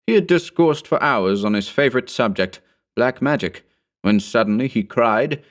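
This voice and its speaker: A man's voice: mid-range voice, expressive, voice pushed up, natural voice. Man doing a reluctant, uneasy male friend. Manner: reluctant, measured.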